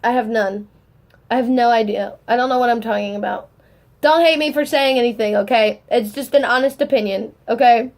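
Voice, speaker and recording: A young woman vlogging in casual chat, gushing and excitable, rambling and swearing as she talks. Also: fairly high pitch, a little fast.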